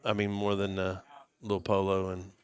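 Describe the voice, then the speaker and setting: Laid-back low-voiced male poker commentator. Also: monotone, moderate pace, clear, resonant tone. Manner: laid-back, chatty, easily impressed. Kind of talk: casual live-stream commentary.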